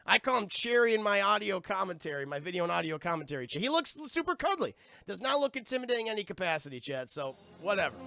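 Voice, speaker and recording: Profane, excitable man reviewing films. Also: sits high, fast, creaky, hardly any pauses, faint music behind. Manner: profane, excitable, talks to the chat. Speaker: streamer and film reviewer. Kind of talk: live-streamed casual film review.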